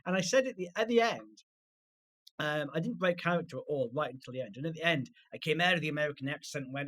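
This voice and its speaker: A man co-hosting a comedy podcast, telling stories quickly in casual chat and laughing often. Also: fairly high pitch, fairly bright tone. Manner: quick anecdotal storytelling with frequent laughs.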